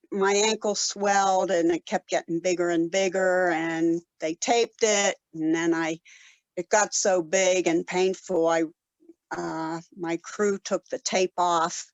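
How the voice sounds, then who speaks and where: A woman in her seventies from Colorado, telling stories in a casual interview with many pauses and fillers. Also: medium pitch, no echo, poor audio. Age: 70s. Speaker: guest, ultrarunner.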